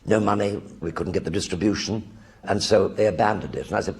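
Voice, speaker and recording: A man's voice: lowish voice, fairly quick, breathy edge. An older actor telling anecdotes in a one-man stage show in front of a live audience, acting out other people's voices as he goes.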